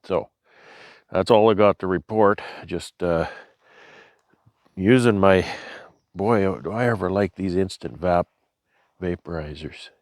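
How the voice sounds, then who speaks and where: A beekeeping vlogger with a Canadian accent speaks slowly in a deep, darkish voice, leaving long pauses. His casual show-and-tell is rambling and relaxed, full of fillers and restarts. The sound is dry and clean, like a studio.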